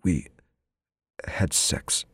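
A man's voice: low-pitched, normal speed, a little mellow, husky, no room sound. A man reading an audiobook, voicing a defensive young man who gives terse, hesitant answers under questioning. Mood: guarded. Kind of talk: audiobook character voice.

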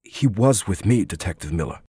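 A man's voice: low-pitched, lively intonation, moderate pace, dark tone, slightly rough, no echo, studio quality, exaggerated voice. A man reading an audiobook, voicing a defensive young man who gives terse, hesitant answers under questioning. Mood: guarded. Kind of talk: audiobook character voice.

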